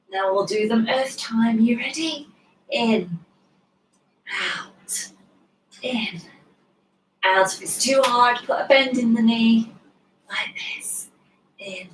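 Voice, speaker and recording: A woman from the United Kingdom teaching a guided yoga class, encouraging her students, laughing often and cueing breaths softly. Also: fairly high pitch, far from the mic, a little hiss or hum. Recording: roomy sound from away from the mic.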